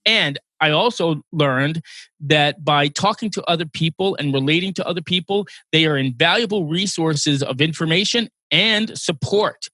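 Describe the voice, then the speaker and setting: Guy in his sixties hosting a podcast, bright voice, earnest stories, dry sound. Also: fairly high pitch, moderate pace, dry recording. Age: 60s. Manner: earnest storytelling, emotional at times. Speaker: podcast host. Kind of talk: casual interview chat.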